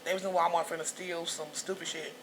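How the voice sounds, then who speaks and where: A middle-aged woman chatting in a hair salon, telling animated stories, cussing freely and shouting out quotes. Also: fairly low pitch, fast. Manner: animated storyteller, cusses freely, loud excited quotes. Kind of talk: casual chat. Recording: noisy background.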